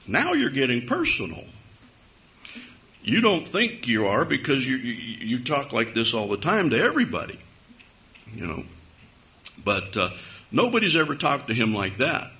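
A man's voice: medium pitch, huge pitch swings, moderate pace, bright, forceful tone. A man preaching a sermon to a live congregation, telling a story in a conversational way with wry humor. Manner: speaks straight to a live congregation.

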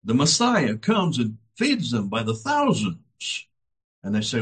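A man preaching a sermon, building each point through dramatic repetition. His voice is husky, and his pitch rises and falls widely. He speaks at a slow, deliberate pace. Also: wildly swooping pitch. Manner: dramatic, emphatic, repetitive phrasing.

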